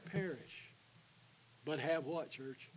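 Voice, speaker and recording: A man's voice: a little high, a little slow, poor audio. Preacher man, call-and-response sermon. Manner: call-and-response with the congregation, alternating loud and hushed. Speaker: guest preacher. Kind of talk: evangelistic sermon. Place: church sanctuary.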